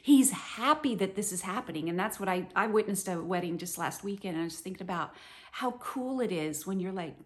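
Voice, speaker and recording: A middle-aged woman giving an earnest, animated devotional Bible teaching, with many "you know"s. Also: medium pitch, a little fast.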